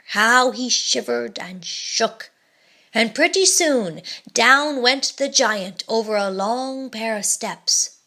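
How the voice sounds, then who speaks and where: A woman reading a children's storybook aloud in an expressive, dramatic way. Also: fairly high pitch.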